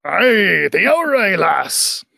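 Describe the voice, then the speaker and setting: Man voicing a gravelly pirate captain, boastful and gruff, slow and drawling, for a tabletop game. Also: high voice, very animated, pushed and bright, no echo, full character voice. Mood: sly. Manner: growling pirate talk, "arr" and "me".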